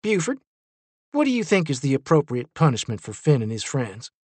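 A man's voice: fairly high pitch, big pitch swings, darkish tone, dry recording. A man voicing Miss Ellie, a stern, formal woman who presides over a vote, in a storybook reading. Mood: cold. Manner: formal, cold, measured. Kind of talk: storybook character voice.

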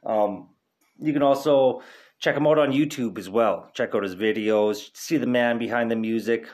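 Stoned young podcast host, rambling and profane, mid-pitched voice. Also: male voice, moderate pace, a little mellow. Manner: laid-back, profane, rambling. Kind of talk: casual podcast chat.

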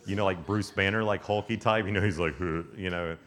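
Animated young male youth preacher. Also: sits low, fast. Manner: animated storytelling, acts out voices, laughs often. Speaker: youth speaker. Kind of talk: youth camp sermon.

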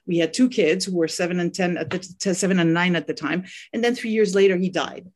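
A woman's voice: on the low side, brisk, a little mellow. Woman, middle-aged, French accent, parenting coach, earnest, repeats words, podcast guest. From France. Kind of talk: podcast interview.

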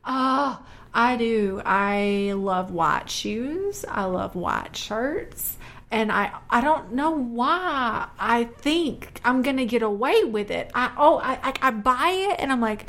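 A woman in her thirties co-hosting a casual chat podcast, telling a story with lively acted-out moments. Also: takes it slowly. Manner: animated storyteller, jumps high when acting out scenes. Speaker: podcast co-host.

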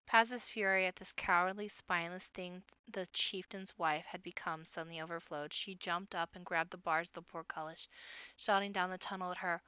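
Woman reading a kids book out loud, expressive, crisp clear voice, dry kinda dull sound. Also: fairly low pitch, moderate pace, dry recording. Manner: expressive storybook narration. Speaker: storyteller. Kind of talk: reading a children's novel aloud.

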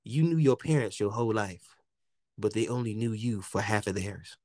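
A man from the United States hosting a casual podcast chat, telling stories in an animated way with lots of slang and swearing and acting out what people said. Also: fairly low pitch, normal speed, dry recording. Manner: animated storytelling, heavy slang and swearing, acts out quotes. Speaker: podcast host.

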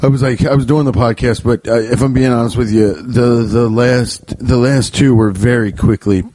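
A man's voice: medium pitch, fairly even intonation, normal speed, dark tone. A man hosting a podcast, chatting in a loose, joking way that keeps interrupting itself. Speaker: podcast host and comedian. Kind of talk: casual rambling podcast monologue. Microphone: podcast microphone.

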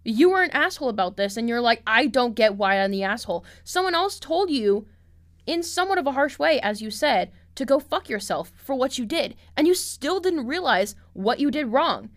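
A woman's voice: on the high side, lively intonation, moderate pace. A young woman hosting a casual podcast, reading out online posts and reacting bluntly and sarcastically, swearing freely. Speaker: podcast host.

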